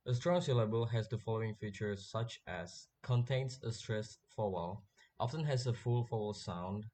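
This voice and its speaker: Young guy reading his class presentation, slow and careful, trips over words sometimes. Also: fairly low pitch, darkish tone. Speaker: student presenter.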